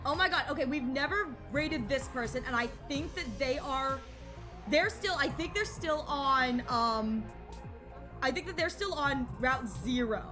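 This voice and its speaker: Woman streamer, high bright voice, unhurried, emotional and gushing, faint game music behind. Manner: gushing, emotional, repeats herself. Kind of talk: casual live-stream chat.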